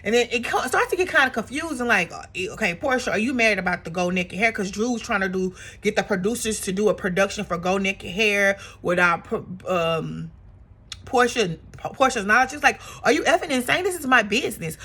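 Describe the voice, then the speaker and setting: A woman recapping a reality TV episode in a casual, gossipy vlog, animated and chatty, with plenty of fillers. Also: medium pitch, fairly quick, slightly rough. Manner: animated, acts out quotes in exaggerated voices; chatty with frequent fillers and laughs.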